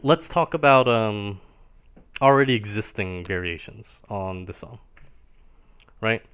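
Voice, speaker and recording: A man's voice: lowish voice, animated, slow pace, a bit bright, clean tone. Man teaching piano, "right?" after every line. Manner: explains patiently, ends nearly every phrase with a questioning "right?". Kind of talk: live-streamed music lesson.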